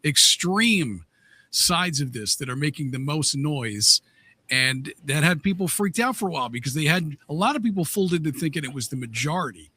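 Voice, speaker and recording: A man hosting a political podcast, talking in halting bursts with many restarts. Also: a little high, lively intonation, sharp tone, breathy edge. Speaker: podcast host. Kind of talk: casual political podcast talk.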